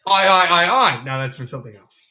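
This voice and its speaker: A man's voice: a little high, animated, a little fast, pushed and bright, reverberant, poor audio. A young man from the United States giving casual play-by-play hockey commentary on a livestream, often stammering and repeating words.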